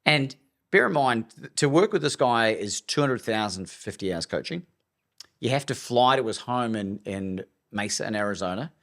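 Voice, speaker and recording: An Australian man tells a story as a podcast guest, in a lowish voice. He is animated and acts out each side of the dialogue. He speaks like a coach and speaker who is used to holding a room. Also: normal speed.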